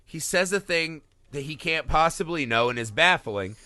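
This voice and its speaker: A man hosting a film podcast who swears freely and acts out scenes as he talks. His voice is bright and edgy, sits a little high and swings widely in pitch, with a dry, close sound. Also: normal speed, no room sound. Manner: animated, profane, acts out movie scenes. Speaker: podcast host. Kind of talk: casual film podcast chat.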